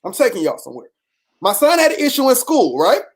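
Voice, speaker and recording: A woman's voice: on the high side, wildly swooping pitch, fairly quick. A woman, telling a personal story in a casual, preachy way, repeating questions and acting out the people she quotes.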